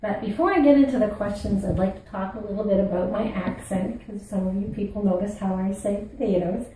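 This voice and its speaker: A channel host from Atlantic Canada, with a Maritime accent from Newfoundland and Nova Scotia, chats casually and playfully to her viewers on camera. Her medium-pitched voice is brisk and dark, captured on a distant mic with heavy reverb, a little hiss or hum, and low overall quality.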